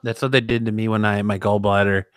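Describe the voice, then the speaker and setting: A man co-hosting a podcast, chiming in with quick jokes and reading out the chat. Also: lowish voice, level tone, clean tone. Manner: wisecracking interjections, reads chat. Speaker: podcast co-host. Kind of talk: casual chat.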